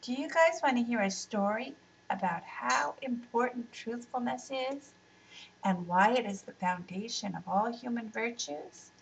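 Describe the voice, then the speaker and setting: A woman reading aloud, voicing a gentle, soft-spoken mother. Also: fairly high pitch, unhurried, creaky, recorded from a distance, poor audio.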